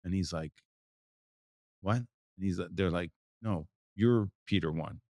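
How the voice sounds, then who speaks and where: A man in his forties from the United States, speaking as an interview guest in a low voice. He talks in a loose, rambling way, circling back and restarting his sentences. The sound is dry and close to the mic. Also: moderate pace, darkish tone, no room sound. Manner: rambling, with many restarts and fillers. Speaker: photographer, guest. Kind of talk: casual interview talk.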